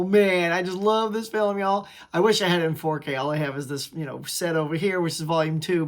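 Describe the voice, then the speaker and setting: A man chatting casually to camera in an enthusiastic, rambling way, often restarting his sentences. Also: on the high side. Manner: enthusiastic, rambling, self-interrupting. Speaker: movie collector vlogger.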